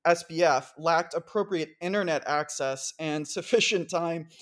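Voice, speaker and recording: A man's voice: fairly high pitch, measured pace, a bit bright. A man hosting a news podcast in a casual, wry, chatty manner, walking through stories and reading out quotes. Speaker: podcast host.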